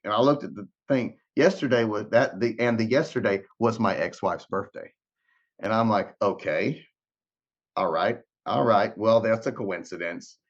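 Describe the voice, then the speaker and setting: A man's voice: medium pitch, highs cut off. A man guest on a podcast, telling an emotional story and acting out the dialogue, often repeating and restarting words. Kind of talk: animated storytelling with re-enacted dialogue.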